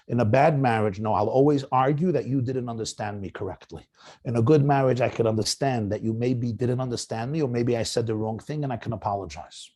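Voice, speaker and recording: A middle-aged man, a rabbi, lecturing young married men and acting out quoted spouses in an animated way. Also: mid-range voice, brisk. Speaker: rabbi giving marriage guidance.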